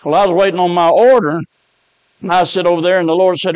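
A man preaches a revival sermon, mixing homespun stories with fervent warnings. His voice sits high for a man and sounds dry and close to the mic. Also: steady tone, fast, clear, resonant tone, no echo, rough recording. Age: 70s.

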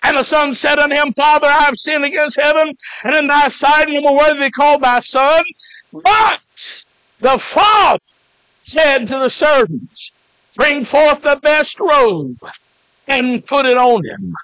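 A man from Alabama preaches in a fervent, high and bright voice. He shouts and stretches out his phrases, with frequent "uh" fillers. The sound is close and dry, with no room around it. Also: unhurried, no echo. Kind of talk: shouted revival sermon.

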